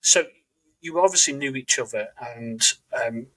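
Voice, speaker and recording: A podcast host with a husky voice that sits at an ordinary pitch. He talks in an earnest, reflective way and stops to search for his words. This is a relaxed conversational chat. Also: moderate pace, poor audio.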